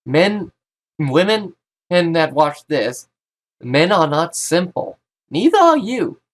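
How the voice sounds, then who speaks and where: A man and YouTuber talking straight to camera in a casual vlog monologue. He rambles, interrupts himself often and states blunt opinions. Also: a little high.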